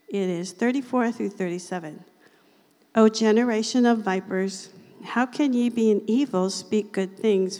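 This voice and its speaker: A woman giving a casual, chatty Bible teaching, laughing often and reading scripture slowly. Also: mid-range voice, darkish tone. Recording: long hall reverb.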